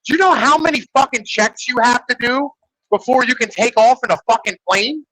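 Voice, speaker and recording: A man with a high, bright voice talking in loose podcast banter, packed with swearing and "like" fillers. The sound is dry and close, with no room in it. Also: fairly quick, no echo, poor audio. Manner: rambling, profane, filler-heavy ("like", "right?"). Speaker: podcast host. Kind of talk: casual podcast chat.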